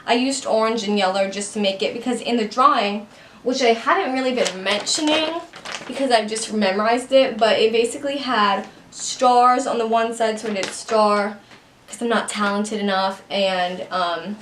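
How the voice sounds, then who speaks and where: A woman's voice: fairly high pitch, moderate pace, fairly bright tone, recorded from a distance, a little hiss or hum. Chatty young woman in an echoey room. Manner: chatty, self-deprecating, says "like" and "you guys" often. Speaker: beauty vlogger. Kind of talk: casual makeup tutorial chat.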